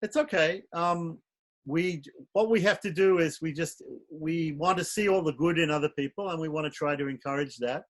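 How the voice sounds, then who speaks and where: A man hosting a casual talk, giving advice in a reflective, halting way, with many restarts. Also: a little high.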